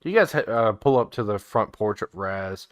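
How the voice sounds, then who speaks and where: Low-voiced man running a tabletop game. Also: expressive, no echo, studio quality. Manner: casual, halting with fillers and restarts. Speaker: game master.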